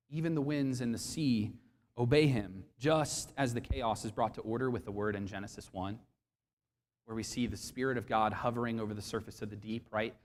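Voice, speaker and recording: Man preaching in a reverberant hall. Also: mid-range voice. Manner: expressive preaching, acts out quoted voices, asks the congregation questions. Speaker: pastor. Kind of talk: sermon. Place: church sanctuary.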